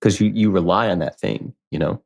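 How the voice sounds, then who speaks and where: A man in his thirties, a podcast guest, telling a personal story in casual conversation, candid and animated, acting out what others said. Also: low voice, brisk, gravelly. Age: 30s. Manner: candid, animated, quotes people in lively voices.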